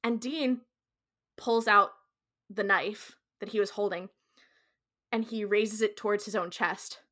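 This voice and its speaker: A woman's voice: mid-range voice, measured pace. A woman co-hosting a podcast, casually retelling a TV episode scene by scene and quoting the characters as she goes. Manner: animated retelling, quotes characters, frequent "like". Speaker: podcast co-host.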